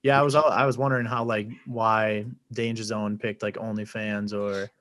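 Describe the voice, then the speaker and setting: A man's voice: lowish voice, level tone, moderate pace, fairly bright tone, dry recording. A man talking as a podcast guest in a laid-back, profane way, full of fillers. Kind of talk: casual podcast chat.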